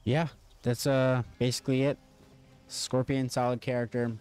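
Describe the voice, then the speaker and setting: A man's voice: mid-range voice, level tone, moderate pace, a little mellow, clean tone. A man hosting a casual video game tutorial, rambling and stop-start with lots of fillers. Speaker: gaming channel host.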